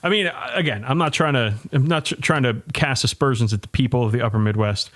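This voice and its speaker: Guy cohosting a podcast, average pitch, stumbles and restarts a lot, casual. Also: fairly bright tone. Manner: hesitant, many restarts, then rushing. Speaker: podcast co-host. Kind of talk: casual chat.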